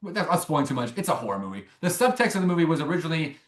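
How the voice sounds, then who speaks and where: Young man, interview guest, animated, restarts a lot, slightly high voice, roomy echo. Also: racing. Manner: rambling, animated, many restarts and fillers. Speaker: filmmaker guest. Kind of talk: casual interview storytelling.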